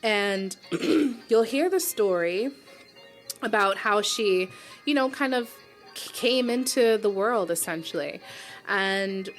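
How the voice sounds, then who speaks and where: Woman in her forties from New York, radio guest telling her story, earnest and reflective, middle-pitched voice, keeps checking in with "right?". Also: lively intonation, slow, soft background music. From New York, USA. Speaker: guest, publisher and founder. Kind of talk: radio interview, personal story. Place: radio studio.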